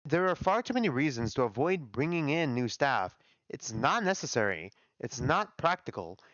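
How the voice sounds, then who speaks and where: A man's voice: mid-range voice, sing-song, normal speed, a bit bright, no echo. A man voicing a blunt, dismissive male doctor who argues against hiring and lists his objections curtly. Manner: curt, listing objections. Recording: dull lo-fi dry audio.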